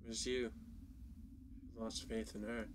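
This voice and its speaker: A man's voice: fairly low pitch, level tone, a little slow, background noise, pitched below the performer's own voice, lightly acted. A man voicing a troubled young man wandering ruins, read in a subdued, hesitant way. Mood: gloomy.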